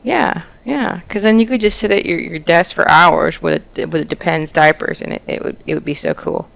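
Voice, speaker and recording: A young woman with a lowish, gravelly voice talks in a loose, joking way. She trips over her words and restarts a lot. It sounds like an easygoing hosted chat about stories read online. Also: moderate pace, low-quality recording. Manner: chatty, joking, with frequent restarts. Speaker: host.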